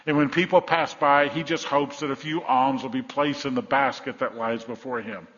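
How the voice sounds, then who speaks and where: Speaking at a moderate pace with fairly even intonation, this man has a mid-range, somewhat bright voice. He delivers a sermon, telling a Bible story vividly and voicing the crowd. It's recorded in a hall, dull-sounding with long reverb.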